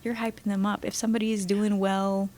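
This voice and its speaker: A young woman who is a guest on a casual podcast chat, retelling events with excited energy. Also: medium pitch, brisk. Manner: excited storyteller, acting out scenes with filler sounds.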